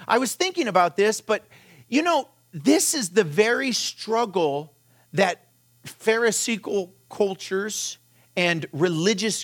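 A man's voice: high-pitched, sharp tone. A middle-aged man, a pastor, giving a conversational sermon full of rhetorical questions and short anecdotes.

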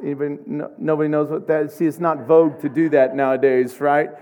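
A middle-aged man from Oklahoma preaching a sermon, telling humorous, animated stories. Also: on the high side, a little fast, a little hiss or hum. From Oklahoma, USA. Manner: humorous, animated storytelling with laughs.

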